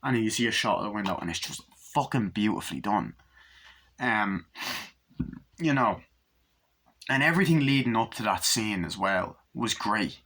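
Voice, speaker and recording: A man giving a casual movie review, excited and profane, retelling scenes with eager fan enthusiasm. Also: fairly low pitch, moderate pace, long pauses.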